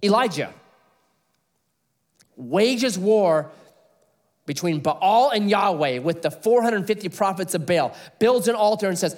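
A middle-aged man preaching an expository sermon, telling stories with animated delivery and laughing at his own jokes. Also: sits high, measured pace, long pauses. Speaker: pastor.

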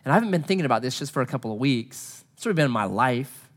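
A married man telling a personal story in a sermon to a gathering. He speaks earnestly, dropping to hushed low tones and then building to emphatic pleas. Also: expressive, rapid-fire. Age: adult, married.

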